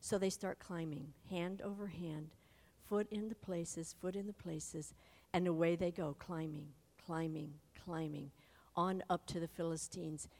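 A woman retelling a Bible story to an adult audience, animated and speaking straight to her listeners. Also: lowish voice, a little slow. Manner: animated, addresses listeners directly. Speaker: Bible teacher. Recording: long hall reverb.

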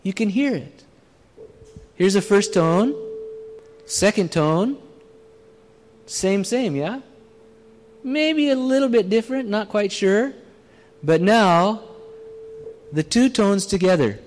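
A man's voice: high voice, lively intonation, slow pace, long pauses, darkish tone. A man preaching a sermon, illustrating his points with demonstrations and putting questions to the audience. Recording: long reverb of a large hall.

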